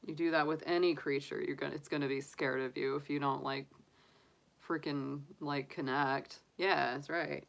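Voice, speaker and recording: A woman's voice: deep voice, fairly even intonation, normal speed, gravelly. A middle-aged woman, a tarot reader, chatting casually on a stream, gushing and cooing and laughing easily. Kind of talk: casual chat on a live stream.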